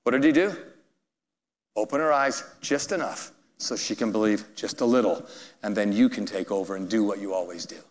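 A man preaching a sermon, telling a story with animated, chuckling emphasis, heard in an echoey hall. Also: fairly low pitch, moderate pace.

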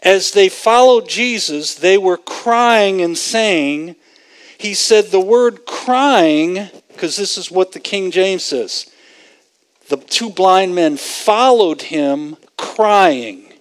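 High-voiced, unhurried male preacher. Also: expressive, clean tone, low-quality recording. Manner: earnest, emphatic, retells scripture with vivid acted-out quotes. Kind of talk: sermon teaching.

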